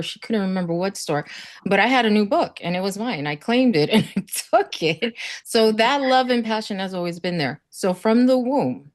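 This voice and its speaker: Animated and moderately paced, her mid-range voice carries through a casual panel conversation. She's a summit panelist from South Florida who shares earnest, faith-filled stories and acts out quoted voices.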